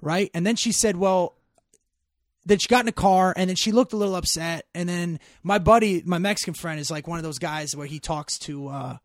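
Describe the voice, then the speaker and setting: A middle-aged man telling a story in casual chat, animated and profane, getting loud when worked up. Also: high-pitched, a little fast, no echo, studio quality.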